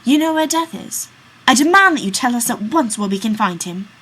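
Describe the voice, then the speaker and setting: A woman's voice: high voice, big pitch swings, takes it slowly, husky, voice pushed up, heavily acted. A woman voicing a bossy young man who leads and plots against his friend. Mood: scheming. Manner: commanding, plotting. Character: bossy scheming young ringleader.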